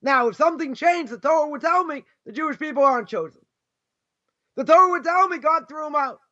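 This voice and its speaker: A man with a Boston accent teaches an informal Torah lesson in a strikingly high voice. He argues through rhetorical questions and repeats his points for emphasis. The recording sounds dull and lo-fi. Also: a little fast, sharp tone. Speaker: rabbi teaching a class.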